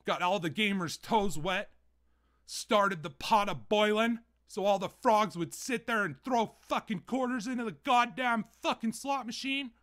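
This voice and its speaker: A man's voice: high voice, a little slow, a bit bright. Profane, fired-up man ranting. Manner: profane, heated, repetitive. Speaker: gaming channel host. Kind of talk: angry rant to camera.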